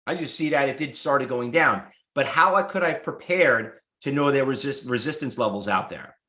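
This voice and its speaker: A man's voice: medium pitch, a little fast, sharp tone, echoey room. A man teaching stock trading to a live class, blunt and salesy, firing off rhetorical questions. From United States. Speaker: trading instructor. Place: room with live students.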